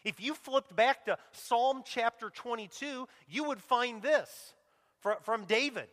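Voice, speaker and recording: With a very high-pitched, fairly bright voice, a middle-aged pastor delivers his sermon unhurriedly, the sound carrying a long hall reverb. He is earnest and emotional, dropping to a near-whisper on quoted cries and other tender moments.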